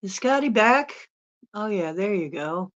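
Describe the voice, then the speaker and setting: A woman's voice: medium pitch, animated, a little slow, a bit bright. A woman hosting a casual live-stream Q&A as a spiritual channeler, chatting in a rambling way and laughing often. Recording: dull lo-fi sound.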